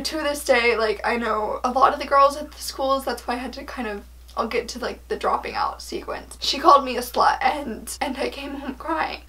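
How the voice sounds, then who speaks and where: A woman's voice: on the high side, a bit bright, low-quality recording. A young woman telling a personal story vlog, chatty and emotional, full of "like" fillers. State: tearful. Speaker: vlogger.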